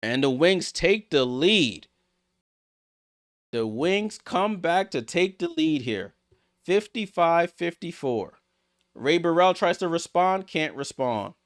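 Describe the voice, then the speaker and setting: A man hosting a live watchalong stream, calling basketball play-by-play and reacting excitedly to each play. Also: fairly high pitch, takes it slowly. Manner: excitable, rattles off passes, reacts aloud. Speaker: watchalong host.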